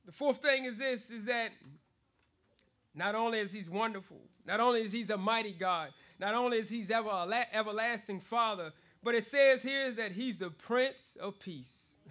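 High, bright-voiced preacher man. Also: moderate pace. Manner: animated, laughs often between phrases, repeats words for emphasis. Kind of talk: sermon.

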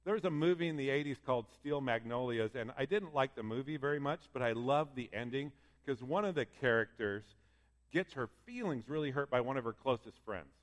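A man's voice: medium pitch, expressive, brisk. A man preaching a sermon in an earnest, conversational way, reading scripture aloud to his congregation. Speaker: pastor. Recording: long hall reverb.

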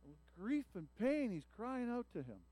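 High-voiced man preaching a sermon. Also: very animated, moderate pace, dark tone, breathy edge, no echo. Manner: earnest preaching that swells when voicing a prophet's cries. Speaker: pastor.

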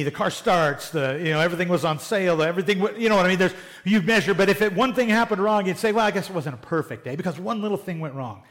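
A man preaching a sermon in a plain-spoken, conversational way, often acting out little quoted exchanges. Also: high-pitched. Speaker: pastor.

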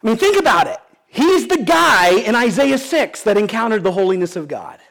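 High-voiced man preaching a sermon. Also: sing-song, normal speed, creaky, a bit bright. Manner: earnest and pleading, with many restarts and rhetorical questions. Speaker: pastor.

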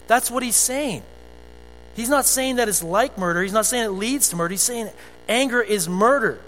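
High-voiced pastor in a reverberant hall. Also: male voice, a little hiss or hum. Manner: conversational, animated preaching with storytelling asides. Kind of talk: sermon. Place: church sanctuary. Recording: long hall reverb with faint music.

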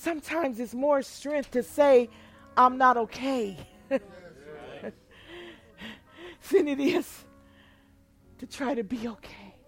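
High-voiced impassioned woman preacher. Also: takes it slowly, pauses often. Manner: impassioned, swings from hushed to shouting; repetitive cadence. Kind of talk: altar call prayer and preaching. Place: church altar. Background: soft music.

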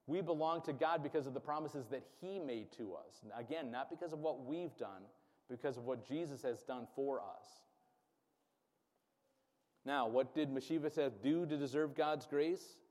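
A man's voice: medium pitch, normal speed, darkish tone. A man preaching a sermon who keeps checking in with his congregation and has them repeat phrases after him. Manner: call-and-response, checking in with the congregation. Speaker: pastor. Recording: reverberant hall sound.

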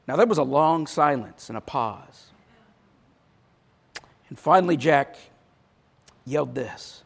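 A male preacher with a fairly high voice delivering a sermon. He speaks emphatically and tells stories. He drops in wry asides along the way. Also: expressive, takes it slowly, creaky, long pauses. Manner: emphatic, storytelling, with dry asides.

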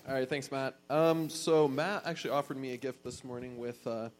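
A man's voice: mid-range voice, fairly even intonation, normal speed, background noise. A man leading a time of reflection in a church, speaking hesitantly with fillers. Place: church sanctuary.

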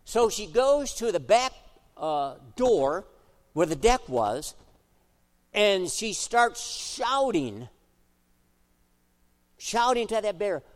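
A middle-aged man preaching a sermon in a high, bright-edged voice and at an unhurried pace. He moves from emphatic exhortation to relaxed, conversational storytelling. The long echo of a church sanctuary trails behind every phrase. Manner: swings from emphatic preaching to quiet, chatty storytelling. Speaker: pastor. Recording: echoey hall reverb.

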